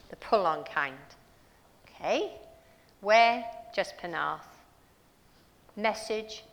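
A woman's voice: mid-range voice, a bit bright, long reverb tail. A woman preaching a sermon in a church, telling stories earnestly and asking her listeners rhetorical questions.

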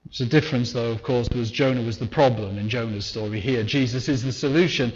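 On a muffled recording, a man speaks briskly in a mid-range voice as he delivers a conversational sermon. Now and then he voices the characters in his retelling.

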